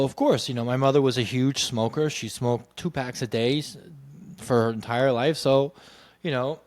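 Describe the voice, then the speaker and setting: A man's voice: mid-range voice, no echo. A man telling his life story in a candid, rambling monologue, full of 'you know' fillers and casual swearing.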